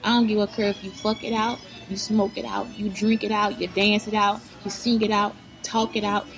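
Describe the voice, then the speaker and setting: A woman's voice: medium pitch, level tone, moderate pace, faint music behind, rough recording. A woman giving blunt, profane motivational advice straight to her viewers, in a preachy vlog style. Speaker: vlogger giving life advice.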